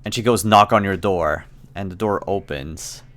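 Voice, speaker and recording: Acting as game master for a tabletop RPG, a low-voiced man speaks at a moderate pace. His scene descriptions come out relaxed and hesitant, peppered with fillers.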